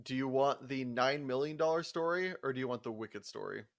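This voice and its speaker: A man's voice: mid-range voice, fairly quick, gravelly. A young man co-hosting a podcast, telling work stories in casual chat, swearing freely and laughing as he acts out quotes. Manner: profane animated storyteller, laughs often, acts out quotes. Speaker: podcast co-host.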